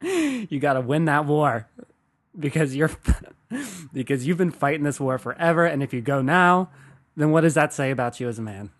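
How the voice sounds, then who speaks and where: A man's voice: fairly high pitch, very animated, moderate pace, no room sound. Profane young man riffing solo. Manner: rambling, profane, laughing at his own jokes. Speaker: podcast host. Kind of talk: casual comedic monologue.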